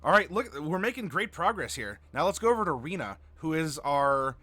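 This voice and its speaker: A man's voice: on the high side, very animated, fairly quick, sharp tone, dry recording. A man hosting a livestream as game master, chatting casually and reading viewer messages aloud. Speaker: game master and stream host.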